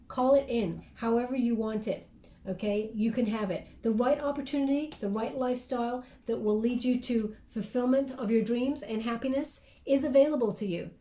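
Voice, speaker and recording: A woman's voice: fairly high pitch, mellow, echoey room. A woman giving a casual tarot reading, rambling and apologetic, with lots of fillers and restarts, yawning and sleepy. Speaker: tarot card reader.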